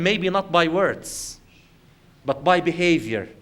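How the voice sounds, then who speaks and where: A man's voice: high-pitched, expressive, a little slow, fairly bright tone. A man giving an Islamic lecture, telling everyday scenarios in a conversational way and speaking directly to his audience. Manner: conversational storytelling with acted quotes, addresses the audience directly. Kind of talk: lecture to a congregation.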